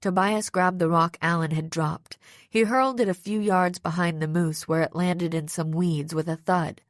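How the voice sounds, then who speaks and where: A woman reading a first-person audiobook narration in a steady, even storytelling manner, close to the microphone. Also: lowish voice, moderate pace, no echo. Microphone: close studio microphone.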